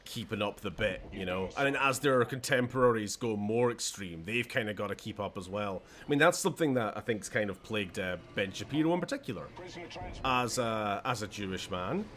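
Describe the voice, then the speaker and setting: A man's voice: lowish voice, fairly bright tone, a little hiss or hum. A Scottish man hosting a gaming channel, chatting wryly and often laughing during a let's play. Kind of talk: let's play commentary chat.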